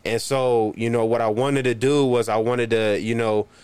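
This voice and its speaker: A man's voice: mid-range voice, steady tone, moderate pace, darkish tone, smooth, no echo. Laid-back man chatting on a podcast. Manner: laid-back, lots of "you know" and "like", laughs often. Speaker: guest, local performer. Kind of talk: casual podcast chat.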